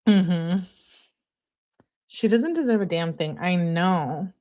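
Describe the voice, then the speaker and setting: A woman's voice: lowish voice, slow, pauses often, warm tone. A woman streamer giving blunt, casual live commentary and talking straight to her chat. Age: adult. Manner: blunt, chatty, talks to the chat. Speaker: true-crime commentary streamer. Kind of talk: casual live commentary, reading messages aloud.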